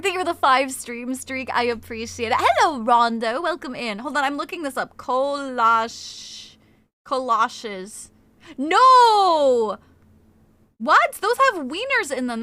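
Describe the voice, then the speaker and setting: A woman streamer chatting on a live stream. Her voice is high and bright, and it swings widely in pitch as she gets excited. She swears freely, reads out her chat, and sounds close to the mic in a dry space. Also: no room sound. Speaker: game streamer.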